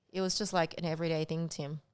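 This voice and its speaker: A woman's voice: low-pitched, clean tone, no room sound. A woman guest on a podcast, chatting casually and filling her talk with "like". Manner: chatty, heavy use of "like". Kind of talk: casual chat.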